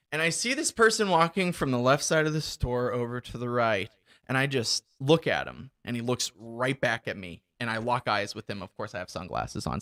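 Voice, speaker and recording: A man's voice: medium pitch, a bit bright. A young man hosting a podcast, chatting casually and telling blunt, profane stories. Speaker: podcast host. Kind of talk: casual chat.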